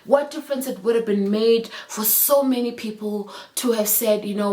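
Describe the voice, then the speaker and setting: A woman's voice: a little high, moderate pace, few pauses, mellow. A woman in her thirties talking earnestly in a chat vlog, heartfelt and reflective, with fillers and restarts. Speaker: vlogger.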